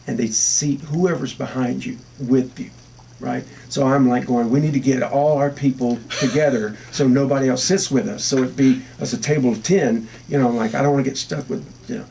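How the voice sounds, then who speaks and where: A man's voice: mid-range voice, fairly even intonation, normal speed, gravelly, warm tone, recorded from a distance, slight background noise. A man telling a funny road story in a casual interview, acting out the quoted lines.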